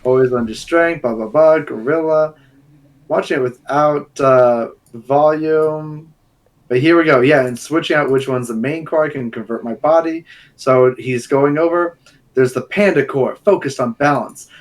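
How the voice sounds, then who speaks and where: A man's voice: a little high, moderate pace. Cocky young man arguing. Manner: cocky, insistent, teasing. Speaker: podcast co-host. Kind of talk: casual argumentative chat.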